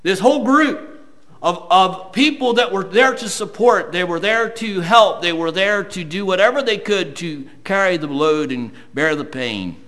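A man preaching a sermon, reading scripture slowly and building to loud, emphatic points. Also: sits high, lively intonation. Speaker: pastor.

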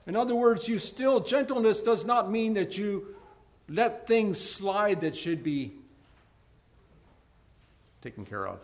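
Male preacher, raised pitch with a gravelly edge, sermon delivery that surges loud and falls quiet, restarts with repeated words. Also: lively intonation, slow, long pauses. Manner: rises to loud emphatic peaks, then drops low and soft.

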